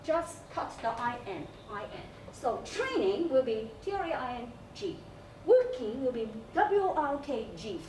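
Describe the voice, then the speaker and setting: A woman's voice: high-pitched, sing-song, a little slow, a little mellow, recorded from a distance. A woman English teacher with a Hong Kong English accent, giving a class lesson on school TV. She explains step by step and spells words out letter by letter, with many fillers. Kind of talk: recorded class lesson on campus TV. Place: school room. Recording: echoey room, off-mic, faint hiss.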